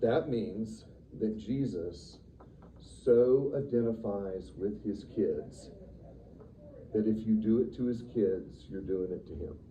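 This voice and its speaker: A man teaching a church Sunday school class in a lively, conversational way, acting out the quotes he reads. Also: on the low side, slow pace. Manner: animated, conversational, acts out quotes with sudden loud bursts. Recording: distant, dull room recording with faint noise.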